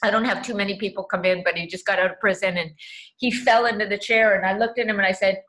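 A woman's voice: medium pitch, steady tone, fast talker, fairly bright tone, low-quality recording. Middle-aged woman talking straight, swears a lot, acts out convos. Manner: blunt, candid, swears freely, acts out quoted dialogue. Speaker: host sharing caregiving advice. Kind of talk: heartfelt casual conversation.

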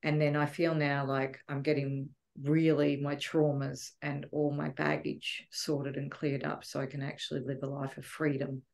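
A woman giving a heartfelt, emotional testimonial about a retreat, often pausing to search for words. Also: low voice, little pitch movement, creaky, a little mellow. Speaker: retreat guest.

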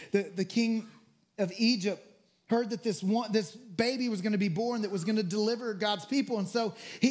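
High-voiced pastor preaching earnestly. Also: male voice. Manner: earnest, with repeated restarts; acts out quoted lines with rising pitch. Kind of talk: sermon.

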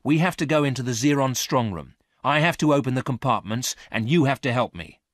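A man's voice: mid-range voice, a little fast, no echo, pitched above the performer's own voice, lightly acted. Man doing an earnest storybook safecracker, explaining each step, raised voice, dry close sound. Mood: instructive. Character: earnest male safecracker planning a heist.

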